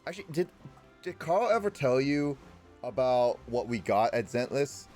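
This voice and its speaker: A man's voice: mid-range voice, big pitch swings, normal speed, a little mellow, faint music behind. A young man streaming a game, chatting casually and rambling between reading lines aloud. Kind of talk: casual let's-play commentary.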